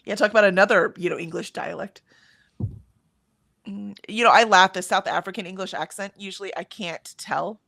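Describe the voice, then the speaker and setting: A livestream co-host from the United States, an American woman with a general, accentless voice, chats casually and reads out chat comments with frequent ums. Her medium-pitched voice is creaky with a fairly bright tone, moving at a moderate pace in a dry recording.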